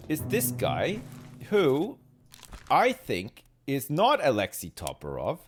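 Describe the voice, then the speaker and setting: With wildly swooping pitch and a measured pace, a man from Britain mutters to himself while streaming a game, puzzling things out aloud. Faint game music sits behind his voice.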